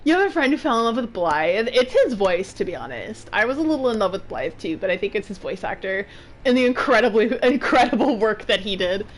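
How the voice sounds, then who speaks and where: A woman's voice: mid-range voice, lively intonation, brisk, slight background noise. A woman streamer giving casual, chatty commentary while she plays a game. She giggles often and yelps when she gets stressed.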